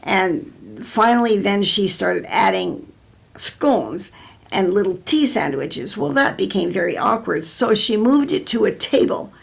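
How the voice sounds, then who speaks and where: Older American woman, gravelly husky voice. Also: medium pitch, big pitch swings, a little slow. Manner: rambling storyteller with many restarts. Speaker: interviewee. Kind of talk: oral history interview.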